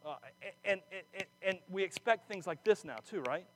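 A man giving a sermon, animated and chatty, often breaking off mid-phrase to start again and slipping in jokey asides. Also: high voice, normal speed, a little hiss or hum. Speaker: preacher. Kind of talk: sermon with personal stories.

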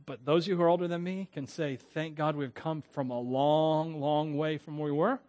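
A man's voice: a little high, fairly even intonation, normal speed, darkish tone. A man from Florida preaching as a pastor, in a conversational, digressive way with frequent chuckles. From Florida, USA. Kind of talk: sermon.

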